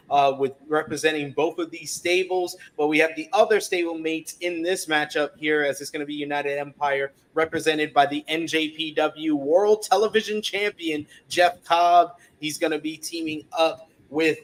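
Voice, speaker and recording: Man, higher-pitched voice, casual live-stream chat, chatty co-host. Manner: reads out chat comments, chatty and animated. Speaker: podcast co-host previewing wrestling card.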